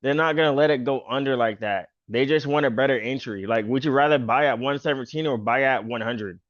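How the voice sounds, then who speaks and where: Casual male trader host, mid-pitched and loose-spoken, dull, dry recording. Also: brisk, no echo. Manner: loose, filler-heavy talk with "pretty much" and "bro". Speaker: stock trader and channel host. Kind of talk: casual chart walkthrough.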